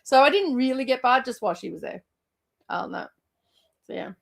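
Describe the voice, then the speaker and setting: Brief: woman host in her thirties, slightly high, casual and salty storyteller who laughs a lot. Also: animated, fairly quick, creaky. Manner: swears freely, laughs through her stories.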